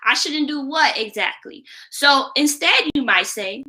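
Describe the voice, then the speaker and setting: Bright-voiced woman teacher explaining. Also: high voice, expressive, unhurried, poor audio. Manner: explanatory, often checks in with a tag question "right?". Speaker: teacher and education creator. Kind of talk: instructional classroom-management video.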